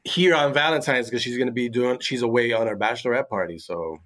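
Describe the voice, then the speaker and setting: A man's voice: mid-range voice, fast, fairly bright tone. A man in casual podcast chat, joking and often trailing off with hesitations. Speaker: podcast co-host.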